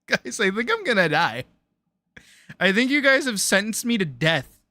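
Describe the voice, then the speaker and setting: A woman streamer chatting casually on a live stream, reacting loudly with exclamations, swearing and laughter. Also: medium pitch, very animated, normal speed, no echo. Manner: loud, exclamatory, swears freely, laughs often.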